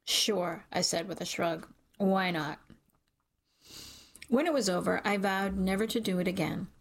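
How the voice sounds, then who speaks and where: A woman reading a first-person novel aloud in a measured, wry storytelling manner. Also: medium pitch, gravelly. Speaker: audiobook narrator. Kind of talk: first-person audiobook narration.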